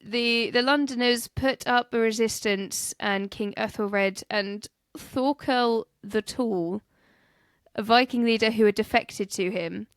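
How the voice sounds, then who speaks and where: A woman's voice: a little high, slow pace, clean tone, dry recording, studio quality. A woman co-hosting a casual history podcast, joking, laughing and stumbling over names. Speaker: podcast co-host.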